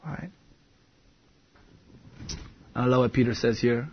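Male pastor, slightly high gravelly voice, earnest conversational sermon, muffled lo-fi recording. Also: measured pace, pauses often. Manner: earnest, conversational, many "you know" asides. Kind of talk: expository sermon.

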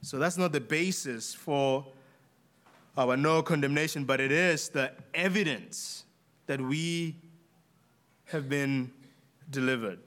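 A man's voice: medium pitch, a bit bright. Earnest man preaching a sermon. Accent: non-native English accent. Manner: earnest, emphatic with deliberate repetition.

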